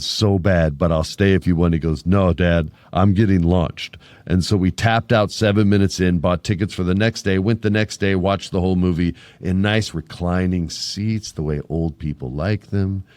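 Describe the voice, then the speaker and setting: A man's voice: low voice, darkish tone, dry recording. A man in his forties hosting a podcast, telling a story casually and with animation, with jokes and crude asides. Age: 40s. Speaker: podcast host.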